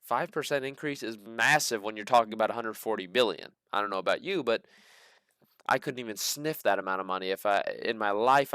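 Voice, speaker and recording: A man's voice: lowish voice, a bit bright, clear, resonant tone, dry recording, clean studio sound. A man hosting a casual stock market commentary, rambling through earnings reports with joking, sarcastic asides. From American Midwest. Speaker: stock market channel host.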